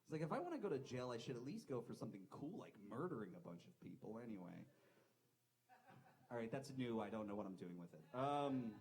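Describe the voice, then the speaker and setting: A man's voice: mid-range voice, big pitch swings, quick pace, a little mellow, low-quality recording. Rambling, swearing stand-up comic man. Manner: rambling, self-deprecating, swears a lot. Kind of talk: live stand-up set. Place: comedy club stage.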